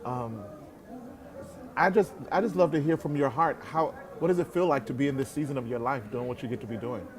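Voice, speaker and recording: A man's voice: mid-range voice, brisk. A man hosting a faith conversation, encouraging and affirming his guest with preacherly interjections. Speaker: host.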